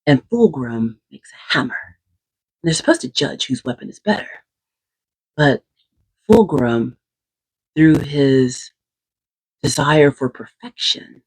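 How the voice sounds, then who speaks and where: Husky woman host, animated and emphatic, casually retelling lore. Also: very deep voice, a little slow, pauses often, low-quality recording. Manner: animated and emphatic, drops into whispers. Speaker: channel host.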